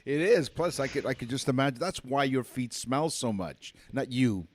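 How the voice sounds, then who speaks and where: A man from Canada co-hosting a casual trivia radio show, chatty and quick to laugh. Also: medium pitch, lively intonation, dry recording. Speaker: co-host.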